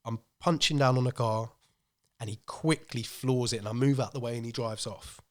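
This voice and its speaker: Guy on a podcast, mid pitch, telling a story animated, acting out who said what. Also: normal speed. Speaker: podcast co-host. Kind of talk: casual storytelling.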